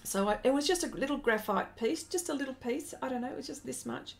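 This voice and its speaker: Chatty woman, slightly high voice. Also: fast talker, gravelly. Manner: rambling storytelling, stopping to greet viewers. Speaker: artist hosting a live stream. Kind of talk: casual live-stream chat.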